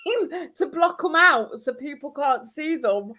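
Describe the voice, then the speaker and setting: A woman's voice: sits high, expressive, a little slow, sharp tone. A woman guest in a casual group chat who speaks bluntly and outspokenly.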